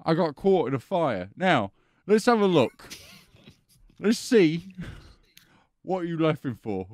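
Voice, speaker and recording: Foul-mouthed, ranting comedy host. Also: male voice, on the high side, very animated, slow, no room sound. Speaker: host playing a judge. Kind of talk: comedy courtroom sketch.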